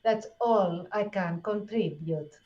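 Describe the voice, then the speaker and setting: Woman putting on a drawn-out vampire count, old-world, on dull lo-fi audio. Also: medium pitch, natural voice. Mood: brooding. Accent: put-on vampire accent. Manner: slow, drawn-out reading.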